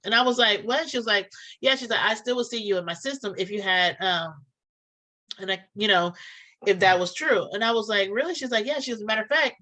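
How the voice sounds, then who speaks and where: Animated woman telling a story. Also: mid-range voice, low-quality recording. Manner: animated, acts out both sides of calls. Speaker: podcast co-host telling a story. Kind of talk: casual storytelling chat.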